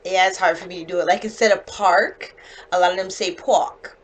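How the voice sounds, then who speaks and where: A woman with a standard North American accent teaching a one-on-one English lesson over a video call. She explains slowly and clearly, with patience. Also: lowish voice, fairly even intonation, rough recording. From United States.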